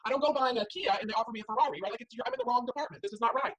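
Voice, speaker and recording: Brief: saleswoman with a slightly high, husky voice, quick motivational pitch. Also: fairly bright tone, rough recording. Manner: upbeat, persuasive. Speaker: direct sales seller.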